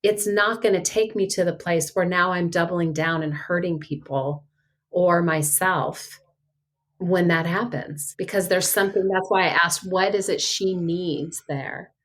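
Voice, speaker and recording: A woman's voice: on the low side, steady tone, measured pace. A woman who is a podcast guest, speaking bluntly and directly in casual chat.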